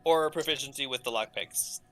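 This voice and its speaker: A man working as game master, narrating a tabletop game over a voice call in a quick, amused way and laughing often. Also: medium pitch, a bit bright, soft background music, low-quality recording.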